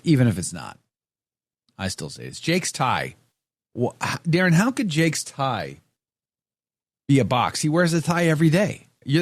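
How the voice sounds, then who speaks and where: Lively, teasing male show host. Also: mid-range voice, husky, dry recording. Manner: playful, teasing, mock-indignant rants. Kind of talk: casual chat reading viewer comments.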